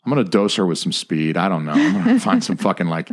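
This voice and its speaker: Brief: man, podcast co-host, somewhat low voice, swears freely and jokes around. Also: very animated, fast. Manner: profane, joking, rambling. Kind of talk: casual podcast chat.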